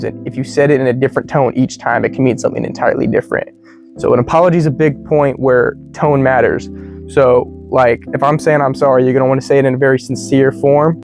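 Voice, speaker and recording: An American man teaching English in a relaxed, slangy way, full of "you know" and "like". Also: mid-range voice. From United States. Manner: laid-back, slangy, many fillers like "you know" and "like". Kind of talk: casual explanatory lesson. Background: faint guitar music.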